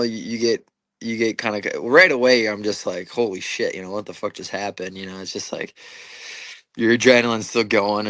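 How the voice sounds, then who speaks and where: A man's voice: fairly low pitch, fairly bright tone, no room sound. A young man, an MMA fighter, telling stories in a casual interview with lots of fillers and swearing. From Minnesota, USA. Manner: casual, profane storytelling with many fillers and restarts.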